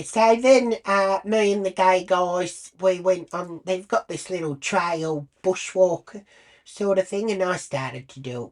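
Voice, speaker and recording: A woman's voice: fairly low pitch, darkish tone. An Australian woman telling a blunt, crude storytime full of swearing. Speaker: vlogger. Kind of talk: storytime monologue.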